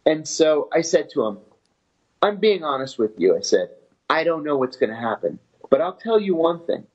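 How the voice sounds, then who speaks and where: A man telling his story in an interview in a steady, matter-of-fact way. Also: a little high, normal speed, slightly rough. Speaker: former intelligence officer telling his story. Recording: dull lo-fi audio.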